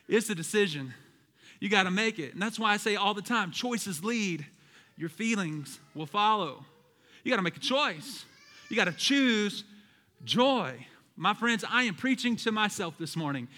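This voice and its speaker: A man's voice: high-pitched, expressive, moderate pace, bright, forceful tone, long reverb tail. A man preaching a sermon as pastor, emphatic and calling out to his congregation. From American South.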